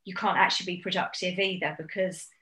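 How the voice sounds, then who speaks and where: A woman speaking as a business coach guest, giving brisk, encouraging explanations. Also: lowish voice, steady tone, a bit bright. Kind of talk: casual interview chat. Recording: roomy echo.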